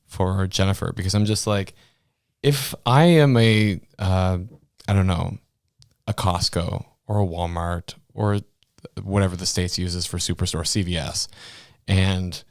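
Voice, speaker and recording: A man's voice: low-pitched, unhurried, no echo, clean studio sound. Incredulous laughing male podcast co-host. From Canada. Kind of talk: casual political chat.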